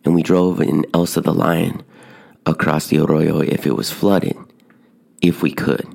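A man casually telling a personal story on a podcast, building suspense with hushed moments. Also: a bass voice, unhurried, vocal fry. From Tucson, Arizona. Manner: animated, drops to hushed whispers at dramatic moments. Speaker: podcast host telling stories.

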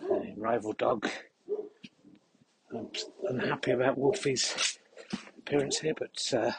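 A man hosting a podcast while walking outdoors in a field, rambling in a mock-serious, deadpan way. He is a little out of breath and slightly unwell. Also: mid-range voice, measured pace, creaky, slight background noise. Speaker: podcast host. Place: outdoors in a field on a cold windy day.

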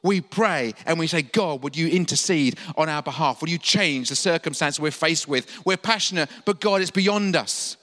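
A man from England preaches to his congregation, his voice high and bright. He keeps putting questions to his listeners and acts out the lines he quotes. The sound rings with the long reverb of a church hall. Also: moderate pace, few pauses. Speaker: pastor. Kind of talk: sermon.

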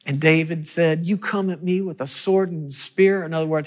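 A preacher delivering a sermon, asking the congregation questions and building to loud, high-pitched peaks. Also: steady tone, normal speed, hardly any pauses. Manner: asks the audience questions.

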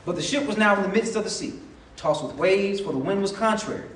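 A man's voice: high-pitched, animated, a little fast, fairly bright tone, a little hiss or hum. A man preaching a sermon, telling the story in a casual, conversational way and acting out dialogue. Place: church sanctuary. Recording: echoey hall from far off. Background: congregation responses.

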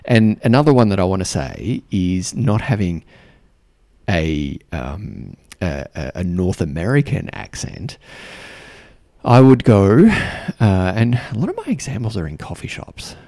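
A man's voice: low voice, very animated, a little slow, warm tone, dry recording, clean studio sound. An Australian man telling a story in a chatty podcast style, with lots of ums and likes, sometimes acting out other people's lines. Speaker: podcast host. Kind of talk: casual storytelling.

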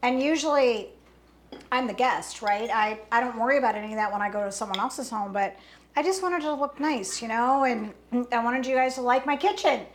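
A woman's voice: on the high side, a little fast, a little hiss or hum. A woman hosting a cooking podcast in her home kitchen, chatting effusively with guests over food. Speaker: podcast host. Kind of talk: casual chat over food.

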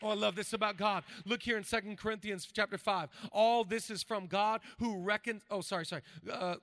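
A man in his forties preaching a sermon to his congregation, swinging between loud bursts and hushed asides. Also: sits high, steady tone, a little fast. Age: 40s. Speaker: pastor.

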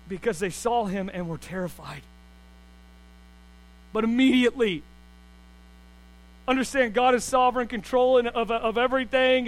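A high-pitched man delivers a sermon with lively swings from soft asides to loud, excited bursts. A faint mains hum runs under his voice throughout. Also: low-quality recording. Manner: animated, swings from quiet to loud and fast. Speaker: pastor.

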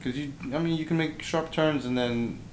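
A man co-hosting a podcast, teasing and answering briefly in laid-back casual chat. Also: normal speed. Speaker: podcast co-host. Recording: echoey room with faint rumble.

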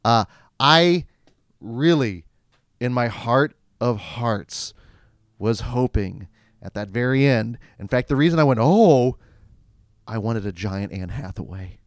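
A man's voice: medium pitch, expressive, unhurried, no room sound, studio quality. A man co-hosting a casual film discussion, analytical and full of film references.

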